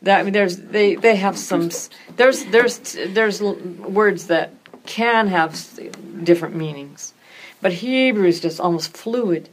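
A woman's voice: mid-range voice, a little slow. A woman in a group Bible discussion who explains scripture thoughtfully and often restarts her sentences. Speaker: Bible study participant.

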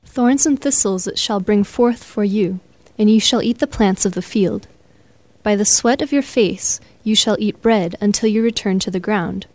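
A woman in a class reading a scripture passage aloud in a steady, even way. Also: medium pitch, moderate pace, no echo. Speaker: student.

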